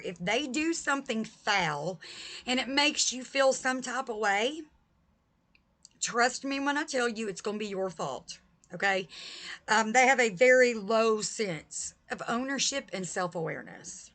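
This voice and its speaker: A woman with a voice pitched a little above the usual, speaking straight to her viewers in a vlog. She talks with emphatic, heated conviction and presses each point firmly. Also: animated, unhurried, fairly bright tone. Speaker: vlogger. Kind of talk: direct-to-camera vlog talk.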